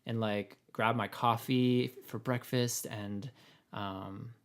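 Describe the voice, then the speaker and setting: Man, raspy voice, casual podcast chat, rambling, lots of "like". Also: mid-range voice, fairly even intonation, slow. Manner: rambling, many fillers and laughs. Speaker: podcast co-host.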